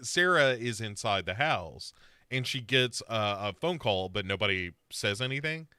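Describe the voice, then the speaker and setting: A man co-hosting a podcast, recapping a TV episode in casual, profane, animated chat. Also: fairly low pitch, moderate pace, smooth, dry recording, clean studio sound. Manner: animated, profane, acts out scenes. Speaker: podcast co-host.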